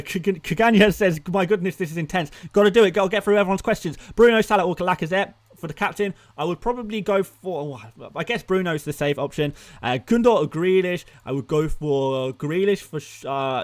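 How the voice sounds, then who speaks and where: A young man hosting a live stream, firing off answers to chat questions with frequent restarts and repeated words. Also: a little high. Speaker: fantasy football streamer.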